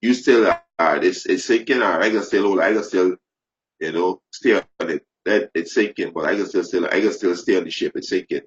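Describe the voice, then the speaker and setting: A man preaching fervently, repeating phrases, restarting sentences and rising into loud emphasis. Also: low-pitched, normal speed. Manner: repetitive, stumbling restarts, rising to shouted emphasis. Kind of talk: impassioned preaching. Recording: dull lo-fi recording.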